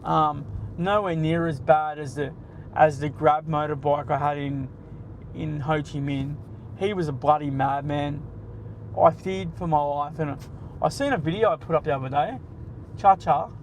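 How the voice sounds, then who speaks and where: A man's voice: a little high, steady tone, moderate pace, a little hiss or hum, poor audio. Sweary Australian man chatting while driving. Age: 40s. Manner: blunt, sweary, banters with chat. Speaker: livestream host. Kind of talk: casual live-stream chat while driving. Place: in a car.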